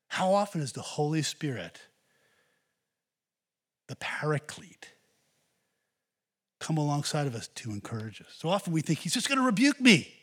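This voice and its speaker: A husky-voiced man preaches a sermon from the pulpit. He presses earnestly on his congregation, urging them on line after line. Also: mid-range voice. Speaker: pastor.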